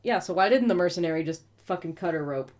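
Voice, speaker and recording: Woman, reading a book aloud, snarky, swears, lowish voice. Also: animated, fast talker, darkish tone. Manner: snarky, profane asides between read passages. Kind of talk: reading a novel aloud with sarcastic commentary.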